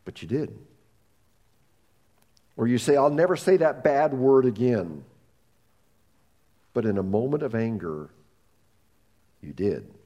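A man preaching a sermon, telling a story with animated voices and repeating words as he goes. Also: medium pitch, slow, long pauses, lo-fi sound. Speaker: pastor.

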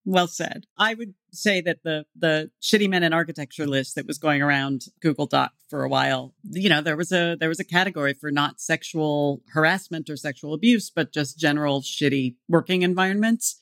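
A man's voice: fairly high pitch, brisk, creaky, few pauses, fairly bright tone, no echo, clean studio sound. A man co-hosting a podcast who speaks in a frank, casual way and swears lightly. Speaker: podcast co-host. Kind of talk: conversational podcast interview.

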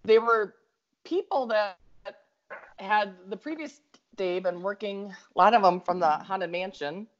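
A Minnesotan woman telling a long story in an easygoing, animated way, laughing as she goes and talking in eager bursts. The audio is a little dull and lo-fi. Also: mid-range voice, a little slow. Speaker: guest storyteller. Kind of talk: casual storytelling chat.

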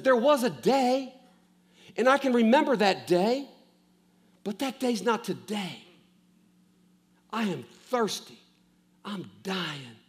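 Male preacher with a high voice, impassioned, swings between loud stress and hushed lows, repeats lines for emphasis. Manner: repeats lines for emphasis, asks the listeners questions. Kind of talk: sermon.

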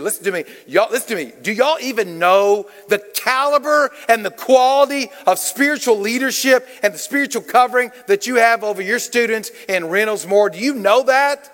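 Speaking briskly with few pauses, a guest preacher in a church delivers an energetic, interactive sermon, teasing the crowd with questions, prompting replies, and dropping a Southern "y'all." His voice sits high with a fairly bright tone, trailed by long reverb.

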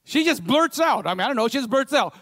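A man with a very high, forceful voice preaches a sermon to his congregation. He talks casually, scattering "you know" through his stories, then drives his points home with emphatic preaching. The sound is close and dry. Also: lively intonation, quick pace, no echo. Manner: conversational, peppered with "you know". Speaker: pastor.

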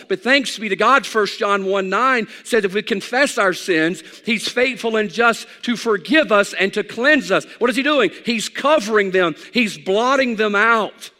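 A man's voice: high-pitched, sharp tone. A man preaching a sermon as pastor, telling folksy stories and rising with emphasis at key points. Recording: long hall reverb.

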